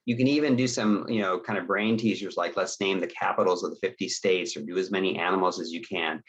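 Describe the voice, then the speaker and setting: A man's voice: low-pitched, fairly even intonation, fast talker, breathy edge. A middle-aged man presenting an instructional webinar in a conversational way, often checking in with "okay?" and acting out example conversations. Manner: conversational, checks in with "okay?" and acts out sample dialogues. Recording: dull lo-fi webinar audio.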